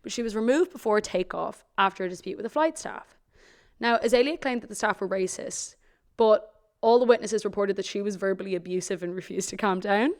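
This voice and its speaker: A young Irish woman co-hosts a podcast, speaking in a mid-range voice a little fast. In casual chat she gossips, reads tweets aloud, and swears freely.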